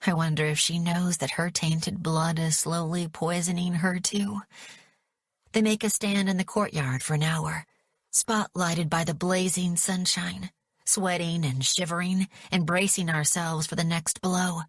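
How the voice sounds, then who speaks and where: Woman reading an audiobook, slow and dramatic, dry close sound. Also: lowish voice, fairly even intonation, no room sound. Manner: measured, dramatic. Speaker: audiobook narrator. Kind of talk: first-person audiobook narration.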